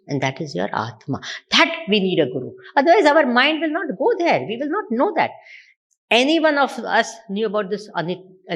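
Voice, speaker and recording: A woman with an Indian English accent giving a Vedanta discourse, repeatedly putting questions to her listeners. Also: mid-range voice. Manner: asks the audience repeated rhetorical questions. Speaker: spiritual teacher.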